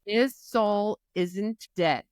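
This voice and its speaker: A woman co-hosting a podcast, retelling a book's plot in animated, casual chat and swearing freely. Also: mid-range voice, drawn-out words, clean tone, no room sound, studio quality. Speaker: podcast co-host. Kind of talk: casual book-club chat.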